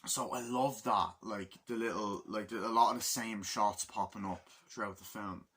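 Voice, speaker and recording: Excitable, foul-mouthed man reviewing a film. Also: on the low side, normal speed, husky. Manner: profane and excitable, acts out scenes in bursts. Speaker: movie reviewer. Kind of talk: casual spoken film review.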